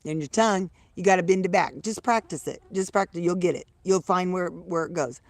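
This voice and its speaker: A middle-aged woman with a lowish voice livestreams from outdoors on a farm, chatting casually with her viewers. She talks briskly, laughs easily and swears freely, and the recording is dry.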